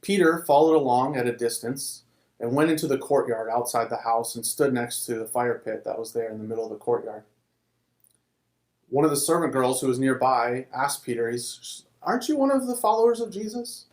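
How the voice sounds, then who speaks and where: A man's voice: mid-range voice, steady tone, normal speed. A man telling a Bible story in a casual, conversational way, with occasional restarts. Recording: roomy echo.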